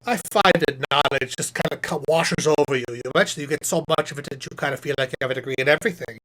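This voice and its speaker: A man voicing a chatty, self-satisfied male puppet professor who hosts a live stream, reading chat questions aloud and rambling through them with deadpan jokes. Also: fairly high pitch, very fast.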